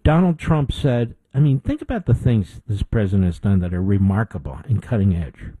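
A man's voice: on the low side, expressive, moderate pace, warm tone, slightly rough, no room sound, rough recording. A middle-aged man hosting a political talk show, delivering an indignant opinion monologue with emphatic repetition.

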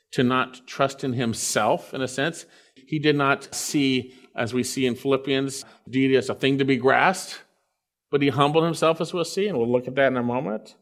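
A man preaching an earnest sermon, reading scripture aloud and explaining it, rising on key phrases and dropping quiet to stress others. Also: medium pitch. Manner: earnest, swells loud on key phrases then drops quiet.

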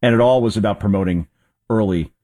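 A man's voice: lowish voice, fairly quick, mellow. A man hosting a news commentary show, talking in a rambling, conversational way. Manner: rambling, conversational, with fillers and restarts.

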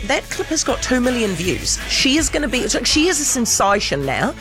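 Animated New Zealand woman radio host. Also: medium pitch, fairly quick, few pauses, music in the background. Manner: chatty, animated storytelling. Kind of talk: casual radio chat. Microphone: studio microphone.

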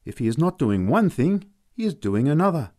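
A man's voice: fairly high pitch, sing-song, normal speed, darkish tone, pitched above the performer's own voice. A man voicing a middle-aged German mother who scolds in an emphatic, fussing way. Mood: exasperated.

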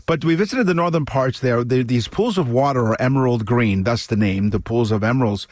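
A man from Canada co-hosting a radio talk show, telling a travel story in a chatty, animated way with frequent restarts. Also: medium pitch, a little fast, no room sound, studio quality.

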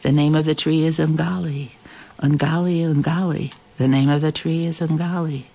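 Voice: medium pitch, fairly even intonation, moderate pace, mellow, close to an everyday voice. A storyteller voicing a very young, polite male tortoise who speaks steadily. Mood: calm. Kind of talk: storybook reading.

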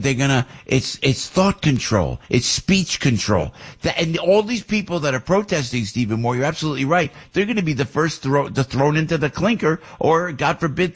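A man hosting a radio talk show, talking in an excitable, emphatic way and chiming in with quick agreement. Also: fairly high pitch, breathy edge. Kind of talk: casual radio interview.

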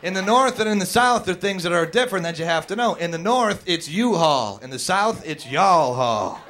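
A man's voice: sits high, animated, a little fast, noisy background. A man doing stand-up on a stage mic, quizzing the crowd and teasing them brashly. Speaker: stand-up comedian. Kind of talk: stand-up routine with crowd work.

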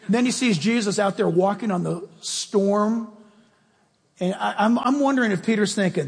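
A man's voice: sits high, normal speed, gravelly, slightly rough. A man preaching a sermon as pastor, stressing his words and putting questions straight to his congregation. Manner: emphatic, questioning the congregation directly. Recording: long reverb of a large hall.

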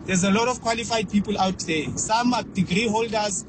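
A South African man with a high voice sends an earnest voice note to a radio show, often restarting his sentences. Loud street and car traffic sounds behind him on the phone recording. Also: normal speed. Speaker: caller leaving a voice note.

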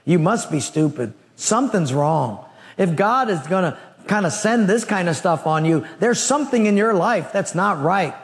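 A man's voice: high voice, animated, moderate pace, in a large hall. A man voicing a group of harsh male critics who speak in a blunt, accusing way.

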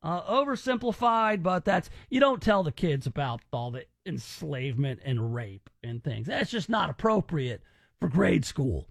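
A man's voice: fairly high pitch, sing-song, a little slow, vocal fry, no room sound. A man hosting a call-in radio show, rambling and teasing with lots of restarts. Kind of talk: joking call-in radio banter.

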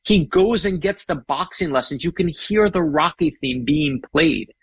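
A man's voice: on the high side, measured pace, husky, no room sound. A middle-aged man, a guest author, chatting with enthusiasm and telling stories. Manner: enthusiastic, animated storyteller. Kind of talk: casual chat.

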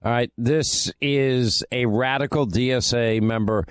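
A man's voice: mid-range voice, fairly even intonation, measured pace, clear, resonant tone, no echo. A man hosting a political talk radio show, delivering an ad read and monologue in an emphatic, repetitive, punchy way. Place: radio studio. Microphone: close studio mic. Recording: dry close studio sound.

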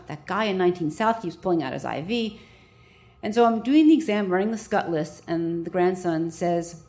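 A woman doctor telling a personal story on stage, lively, with wry comic timing. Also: medium pitch.

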